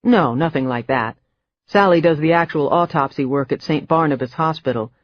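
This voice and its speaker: A narrator voicing a calm, persistent male investigator in an audiobook, speaking politely and patiently. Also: fairly high pitch, normal speed, no room sound, dull audio, natural voice. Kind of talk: audiobook character voice.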